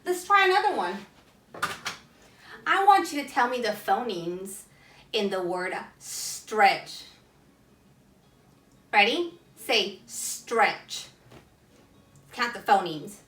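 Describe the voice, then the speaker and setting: A woman teacher giving a phonics lesson to children, sounding out letters slowly and clearly and asking listeners to say the words with her. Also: mid-range voice, animated, a bit bright, echoey room, recorded from a distance.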